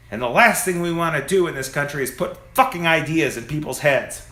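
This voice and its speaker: A man's voice: on the high side, fairly quick, few pauses, sharp tone, echoey room. A man delivering an angry, profane, preachy monologue, recorded on a phone among parked cars. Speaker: vlogger. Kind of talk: ranting monologue.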